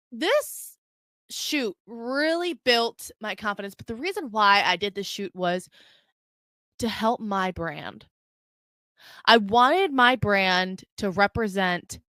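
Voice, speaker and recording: A woman's voice: a little high, bright, forceful tone, no room sound. A young woman hosting her own podcast, rambling casually in a brash, profane, unfiltered way. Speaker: podcast host. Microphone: desk mic on a video stream.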